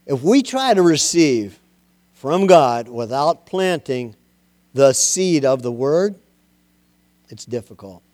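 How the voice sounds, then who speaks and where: A male preacher delivering a sermon, emphatic and plain-spoken, urging listeners to say the words out loud. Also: medium pitch, sing-song, takes it slowly, pauses often, no echo. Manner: emphatic, urges listeners to say things aloud.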